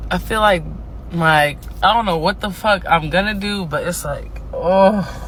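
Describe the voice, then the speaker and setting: A woman's voice: on the low side, measured pace, fairly bright tone, slight background noise. A worn-out woman ranting casually, frustrated, swearing and repeating herself. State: exhausted. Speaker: TikTok ranter.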